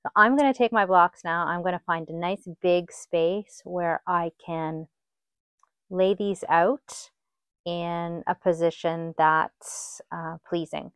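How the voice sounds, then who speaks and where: Slow-talking woman teaching quilting. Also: lowish voice, smooth, no echo, clean studio sound. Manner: relaxed, step-by-step instruction. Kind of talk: sewing tutorial.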